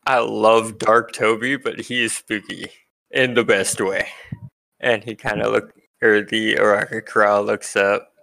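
A man's voice: on the low side, flat delivery, a little slow, gravelly, pushed and bright. A man narrating as game master of a tabletop game, joking and self-deprecating.

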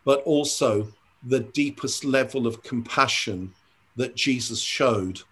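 An older man, a church leader, talking in an interview, earnest and reflective, often pausing and restarting his sentences. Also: mid-range voice, fairly bright tone, husky. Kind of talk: conversational interview storytelling.

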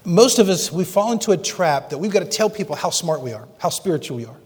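A man's voice: sits high, big pitch swings, fast, a little mellow, husky, in a large hall. A male pastor from Pennsylvania preaching a conversational sermon full of rhetorical questions.

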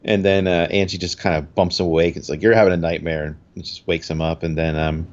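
A man's voice: deep voice, flat delivery, a little fast, muffled recording. A man casually recapping a TV episode in a podcast chat, rambling with fillers and acting out quotes.

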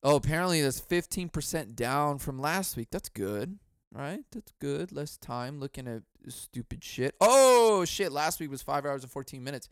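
A man from Southern California hosting a casual solo podcast into a boom mic at home, swearing a lot, laughing often and bursting into loud mock yelling. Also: lively intonation, moderate pace, hardly any pauses, clear, resonant tone, no room sound, studio quality. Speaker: podcast host.

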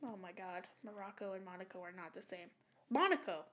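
A woman's voice: mid-range voice, fairly quick. A woman co-hosting a podcast in casual, rambling chat, laughing often. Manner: giggly, rambling and animated. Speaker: podcast co-host.

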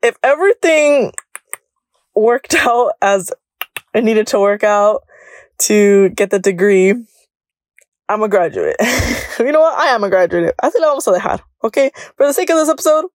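A woman's voice: mid-range voice, lively intonation, normal speed, pauses often, no echo, studio quality. A woman in her early twenties hosting a solo podcast, chatting in a bubbly way, laughing often and slipping between English and Spanish. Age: early 20s. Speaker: podcast host.

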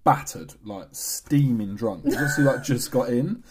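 A man's voice: medium pitch, moderate pace, background noise. A man from England, a podcast co-host, telling stories in casual chat, swearing and laughing often.

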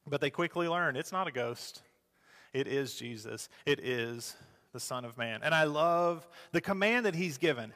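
A man preaching a sermon as a pastor, moving between loud urging and soft, slow phrases. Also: fairly high pitch, animated, big-room sound.

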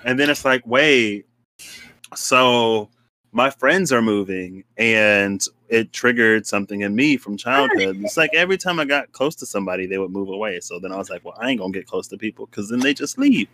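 Bright, animated young man chatting. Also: normal speed. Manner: animated, laughs often, jumps into high-pitched quoted voices. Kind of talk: casual chat.

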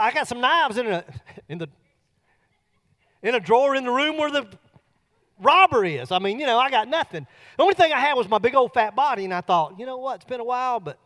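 A middle-aged man preaching a sermon, telling a folksy personal story that builds to loud bursts. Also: very high-pitched.

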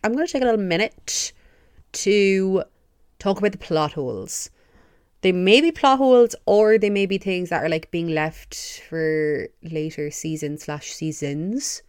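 A young woman hosting a podcast, gushing excitedly and swearing a lot in a casual fan review. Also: lowish voice, dry recording, clean studio sound. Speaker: podcast host.

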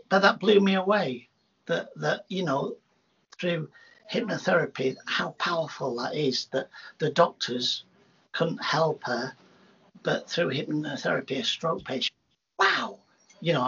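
A man, a hypnotherapist, telling rambling, animated anecdotes in a casual interview, with many restarts. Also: a little high, gravelly, breathy edge. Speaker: hypnotherapist guest. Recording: dull lo-fi sound.

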